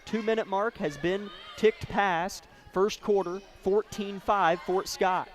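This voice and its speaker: A man calling a high school basketball game play by play from courtside, quick and excitable, rising to shouts on big plays. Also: soft background music. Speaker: play-by-play announcer. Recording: noisy gym broadcast feed.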